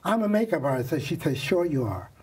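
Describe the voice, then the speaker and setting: An older man telling his stories as an interview guest, acting out everyone he quotes. His voice is deeply husky and the mic sits some way off. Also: big pitch swings, brisk, darkish tone, far from the mic. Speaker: makeup artist guest. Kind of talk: storytelling interview.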